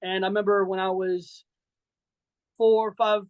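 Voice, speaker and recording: A man's voice: sits high, level tone, normal speed, clean tone, no echo, narrow, tinny audio. A man in his forties from Saint Louis, a wrestler guest chatting loosely with lots of fillers and some brash trash-talk. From Saint Louis, Missouri. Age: 40s. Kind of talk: casual interview chat.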